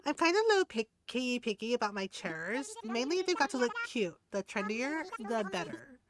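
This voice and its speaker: A woman's voice: on the high side, sing-song, normal speed, crowd noise, voice pushed up. A woman voicing a fussy, trendy tiger girl. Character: trendy female tiger villager, picky.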